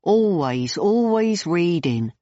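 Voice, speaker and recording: Narrator doing friendly west country clown, slow easygoing talk, dull dry audio. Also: male voice, high-pitched, big pitch swings, warm tone, no echo, exaggerated voice. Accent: West Country English.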